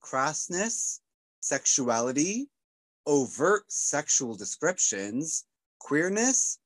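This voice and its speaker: Lively American man hosting a podcast. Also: on the high side, very slow, dry recording. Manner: animated, jokey, tangents. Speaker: podcast host. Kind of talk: casual podcast discussion.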